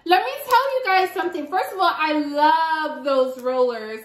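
Giggly high-voiced woman vlogger. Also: moderate pace, roomy sound. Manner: chatty and giggly, talks to viewers. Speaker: beauty vlogger. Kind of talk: casual unboxing chat.

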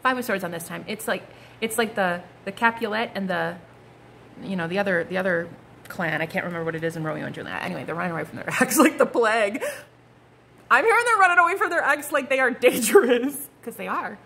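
A woman's voice: medium pitch, expressive, fast talker, vocal fry, pushed and bright, a little hiss or hum. A woman giving a casual, gushing tarot reading, full of slang and asides. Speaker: tarot card reader.

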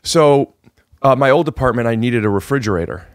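A man's voice: medium pitch, brisk, dry recording, clean studio sound. A man hosting a podcast from his living room, rambling and restarting as he chats with a guest. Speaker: podcast host. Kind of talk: casual chat. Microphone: podcast microphone.

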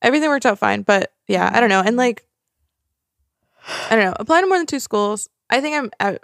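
A woman's voice: fairly high pitch, a little fast, gravelly, dry recording. Chatty, laughing young woman, dry close sound. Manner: laughs often, chatty and animated. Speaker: podcast co-host. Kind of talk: casual chat.

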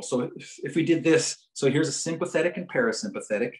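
A male psychologist giving a lecture. He tells a story in a joking, animated way. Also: a little high, a little fast, rough recording.

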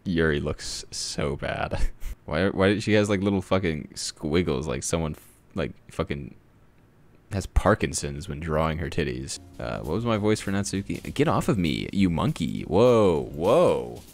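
A man's voice: very deep voice, expressive, moderate pace. A young man casually commenting while reading a visual novel game aloud, swearing freely and laughing often. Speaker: gaming YouTuber.

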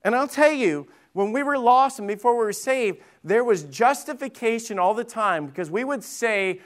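Male pastor, high-pitched, casual storytelling sermon with emphatic peaks. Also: animated, fairly quick, hardly any pauses. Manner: chatty storytelling with jokes, rising to emphatic preaching. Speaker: lead pastor. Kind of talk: conversational Bible-study sermon.

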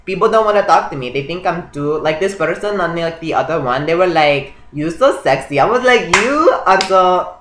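A man's voice: a little high, animated, moderate pace, hardly any pauses, echoey room, noisy background, close to an everyday voice. A man voicing a comic character who speaks broken English with Spanish greetings, chatting with strangers on a video chat.

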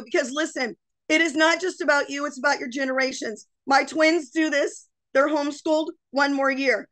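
A middle-aged woman with a high, bright-sitting voice, coaching her listeners in a fervent, sermon-like way. She talks straight at the audience with an urgent, preachy drive. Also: steady tone, moderate pace. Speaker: mindset coach and guest speaker. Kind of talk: motivational webinar talk.

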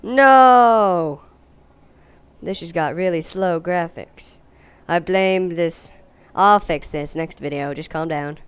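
A young woman giving goofy, jokey gameplay commentary, now and then breaking into silly high-pitched voices. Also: fairly even intonation, a little slow, clean tone. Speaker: let's play host.

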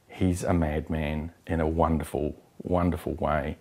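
A man's voice: rumbling low, little pitch movement, a little slow, a little mellow. A middle-aged man from New Zealand, an actor answering interview questions candidly and acting out quoted exchanges.

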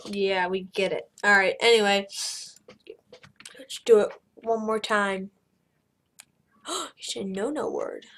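A woman giving casual let's-play commentary, excitable, crying out loudly at every mishap and then muttering quietly. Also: medium pitch, takes it slowly, pauses often. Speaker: gameplay commentator.

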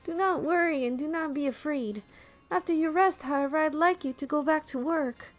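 A calm, courteous young prince from a video game, speaking kindly to his servants, as a woman reads him. The voice is high and even, close to her everyday speech. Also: moderate pace, faint music behind, natural voice. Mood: gentle. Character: polite, gentle young male prince.

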